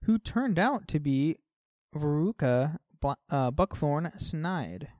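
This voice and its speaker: A man's voice: on the high side, expressive, slow, no echo, clean studio sound. A man co-hosting a podcast, chatting casually about a game and often trailing off with "like". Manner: chatty, fillers like "like", trails off softly. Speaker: podcast co-host.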